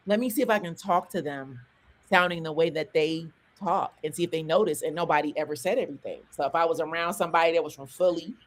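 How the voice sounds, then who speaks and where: A woman in her forties from the American South, a rapper talking as a guest in a casual interview. She tells stories in quick bursts, full of restarts and asides, in a neutral, non-regional accent. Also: on the low side. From Southern US, Atlanta. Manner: animated, talks fast in bursts with restarts.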